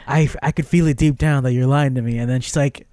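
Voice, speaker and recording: A man's voice: medium pitch, fast talker. A man co-hosting a podcast, casually retelling a film scene by scene with lots of fillers. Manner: rambling, filler-heavy, animated retelling. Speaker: podcast co-host. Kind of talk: casual film review chat.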